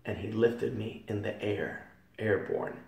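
A man giving a fervent church testimony in a hall, repeating phrases and swelling loud on key words. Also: fairly low pitch, steady tone, a little slow, gravelly. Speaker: testimony speaker. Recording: echoey hall from far off.

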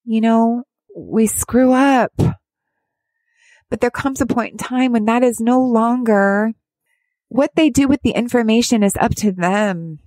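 A woman speaking as a parent of a child with addiction, giving candid advice in a halting, heartfelt way with many restarts. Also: fairly high pitch, a little mellow, no echo. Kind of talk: candid personal advice talk.

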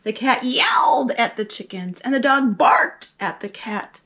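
A woman reading a picture book aloud to children, lively and expressive, acting out the story's characters. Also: a little high, a little slow, hardly any pauses.

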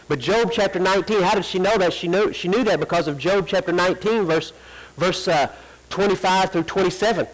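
In a church sanctuary, a high-pitched pastor preaches a sermon, his emphasis climbing as he draws out the quoted prayer lines. The recording is of poor quality.

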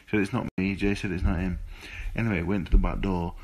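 A man's voice: low-pitched, steady tone, fast talker, a little mellow. A man, a boxer, telling a rambling, sweary story in a laid-back, casual way. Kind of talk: casual storytelling to phone camera.

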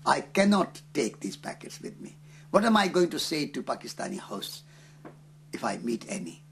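Earnest man, lively storyteller. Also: medium pitch, vocal fry, slight background noise. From India. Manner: earnest, unhurried, with hesitant fillers. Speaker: interviewee. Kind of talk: reflective storytelling in an interview.

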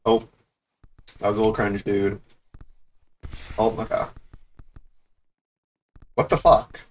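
A man giving live gameplay commentary, excitable and trash-talking, who swears a lot, rants about the game and breaks into sudden high yelps. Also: slow, pauses often. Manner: grumbling, ranting complaints. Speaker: gaming YouTuber.

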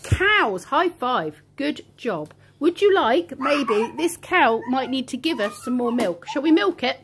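A woman's voice: sits high, sing-song, slow, noisy background. A woman working as a childminder, playing and talking with toddlers in an encouraging, teacherly way. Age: adult. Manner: sing-song, encouraging, teacherly. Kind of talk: playful talk with toddlers.

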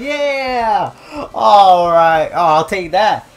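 Loud, cursing young gamer man. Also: high-pitched, animated, slow, hardly any pauses, heavy background noise. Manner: loud, swearing, trash-talking, yelling at the game. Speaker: gaming YouTuber. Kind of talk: let's play commentary.

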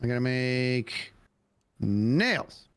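A man's voice: medium pitch, expressive, extremely slow, clear, resonant tone. A man in his forties playing a game with a friend, silly and playful, full of singsong sound effects. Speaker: guest co-player. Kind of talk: casual gaming chat.

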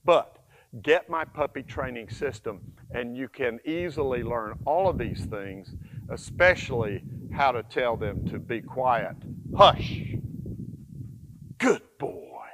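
A man's voice: medium pitch, expressive, measured pace, background noise. Folksy man in his sixties, firm commands. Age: 60s. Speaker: dog trainer. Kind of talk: casual instructional vlog.

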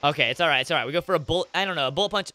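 A young man commentating his own game playthrough, excitable and emotional, swinging into loud frustrated outbursts. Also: a little high, rapid-fire, soft background music. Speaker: gaming YouTuber. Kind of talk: Let's Play commentary. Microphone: webcam setup with headset or desk mic.

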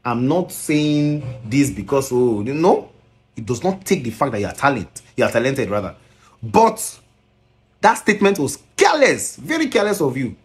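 A man's voice: mid-range voice, very animated, normal speed. A man with a Nigerian accent scolding in a commentary video, mixing Pidgin and English and firing rhetorical questions.

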